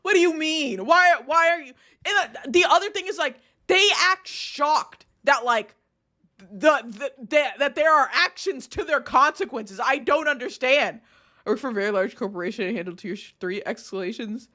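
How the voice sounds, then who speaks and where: A woman's voice: high voice, expressive, moderate pace, sharp tone. A young woman streamer giving casual live commentary on a video, mocking and laughing often.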